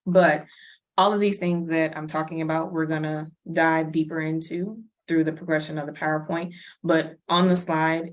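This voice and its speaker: A woman presenting a wellness workshop in a chatty, casual way, laughing often and acting out little everyday scenes. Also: sits low. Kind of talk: casual lecture.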